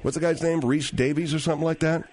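Radio talk host guy, talks quick, slightly high voice, keeps things moving. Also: steady tone, a little mellow, a little hiss or hum.

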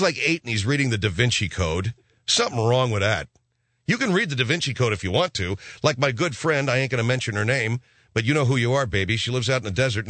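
Sarcastic middle-aged male storyteller, lively pitch, dry booth sound. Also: dry recording. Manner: sarcastic, profane, rambling. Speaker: comic storyteller. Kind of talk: ranting comic monologue.

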